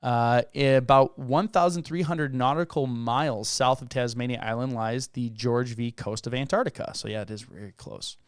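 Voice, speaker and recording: A man's voice: mid-range voice, normal speed, few pauses, no room sound, clean studio sound. A man co-hosting a casual podcast, reading facts aloud and often laughing and stumbling over words. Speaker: podcast co-host.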